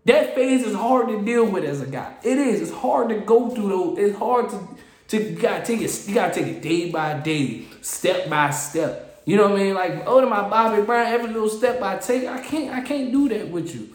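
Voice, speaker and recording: A man hosting a solo podcast, ranting in an animated, exasperated way and often repeating and restarting his phrases. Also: sits high, moderate pace, reverberant. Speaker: podcast host. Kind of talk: casual solo podcast rant.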